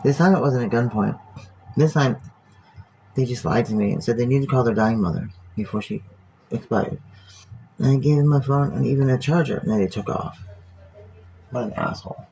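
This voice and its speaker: A man's voice: mid-range voice, fairly quick, gravelly, long pauses, warm tone, slight background noise, poor audio. A man talking casually on a phone livestream, musing aloud, rambling and swearing freely.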